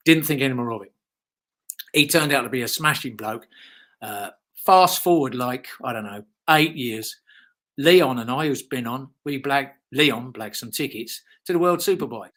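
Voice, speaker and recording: British man, fifties, ex-motocross rider, rambling anecdotes, ums and swearing, mid-pitched voice. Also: normal speed, a bit bright. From United Kingdom. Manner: rambling storyteller, frequent fillers and swearing. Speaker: guest, former motocross rider. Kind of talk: casual anecdotal interview.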